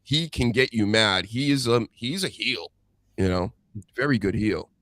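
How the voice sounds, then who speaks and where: A man's voice: on the low side, animated, fairly bright tone, no echo. A man hosting a casual podcast chat, talking in a rambling, easygoing way. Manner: rambling, chatty, drawn-out storytelling.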